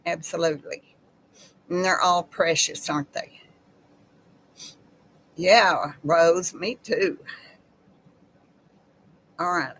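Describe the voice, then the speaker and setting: A woman's voice: low-pitched, a bit bright, a little hiss or hum, poor audio. A woman hosts a casual chat with her viewers and reads aloud in a heartfelt, emotional way. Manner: slow, heartfelt, emotional reading. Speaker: channel host.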